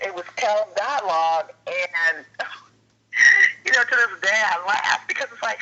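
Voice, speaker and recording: A woman actor telling a lively story in a casual interview, acting out what other people said. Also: mid-range voice. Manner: animated storyteller, acts out quotes in a raised voice. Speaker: actor guest. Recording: dull lo-fi sound.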